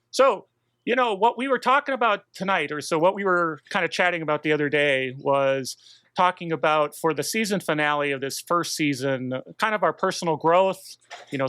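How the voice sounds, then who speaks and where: A man's voice: fairly high pitch, pushed and bright, smooth, no room sound. A man hosting a tabletop game podcast in a laid-back, rambling way with fillers. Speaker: podcast host. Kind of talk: casual chat.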